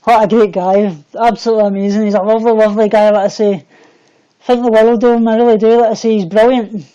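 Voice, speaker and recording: A Scottish man hosting a casual livestream chat from home, warm and friendly, often repeating and restarting his words. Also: high voice, level tone, fast talker, clean tone, highs cut off. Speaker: livestream host. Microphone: computer mic on a livestream.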